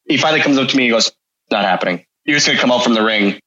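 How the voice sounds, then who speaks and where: A man's voice: mid-range voice, racing, sharp tone, dull audio. A man guesting on a podcast, telling stories in a wry, self-mocking way. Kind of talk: casual storytelling.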